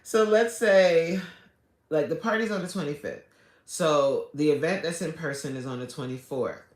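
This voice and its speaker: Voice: medium pitch, fairly quick. An adult livestreamer chatting casually with viewers, greeting them by name and pleading for subscribers. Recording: echoey room.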